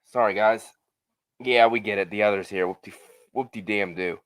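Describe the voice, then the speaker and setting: A man's voice: lowish voice, normal speed. A man hosting a casual live-stream Q&A, rambling and swearing freely as he reads the chat. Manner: rambling, profane, animated.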